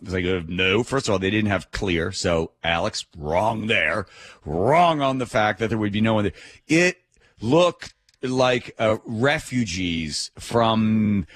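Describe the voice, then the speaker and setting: A middle-aged man hosting a talk radio show, telling a story in an animated, indignant rant. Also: on the low side, measured pace. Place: radio studio.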